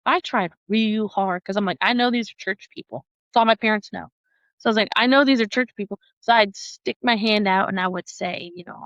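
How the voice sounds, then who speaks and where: A woman who is a podcast guest, telling a personal story in an animated way, often laughing and acting out the voices of other people. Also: a little high, no room sound, highs cut off.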